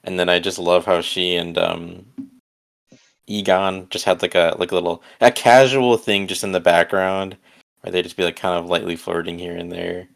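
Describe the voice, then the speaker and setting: Low gravelly hesitant podcast guy. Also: level tone, moderate pace. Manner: hesitant, many fillers, soft-spoken. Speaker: podcast co-host. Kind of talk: casual chat.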